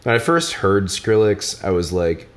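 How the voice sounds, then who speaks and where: A man's voice: on the low side, sing-song, measured pace. A man hosting a podcast, joking and teasing his guest in casual chat, swearing now and then. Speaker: podcast host.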